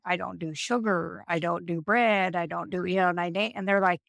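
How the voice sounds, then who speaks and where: Lower-voiced woman telling animated stories. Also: moderate pace, creaky, hardly any pauses, no room sound, studio quality. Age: 50s. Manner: animated, acts out quoted people in her stories. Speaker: nurse and guest. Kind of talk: storytelling interview.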